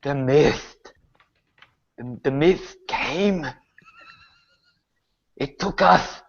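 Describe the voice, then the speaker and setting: A raised dead villager, as a man puts it on, halting and gasping, each phrase dragged out slowly and heavily, coming through a muffled lo-fi recording, speaking from beyond death in a tabletop game. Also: a little high, creaky, full character voice. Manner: halting, broken gasping speech.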